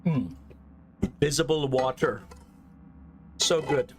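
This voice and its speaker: A man with a Texan accent chats loosely through a game stream, rambling and correcting himself. His voice sits slightly high and moves around a lot. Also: sing-song, normal speed. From Texas. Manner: chatty, rambling, self-correcting. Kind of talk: casual live-stream chat.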